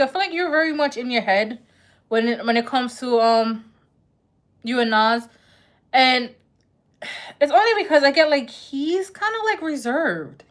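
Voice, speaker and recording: A woman's voice: high voice, a bit bright. A woman giving a casual live-stream tarot reading, chatty and full of "like" and "right?", who says her accent is thick. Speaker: tarot reader.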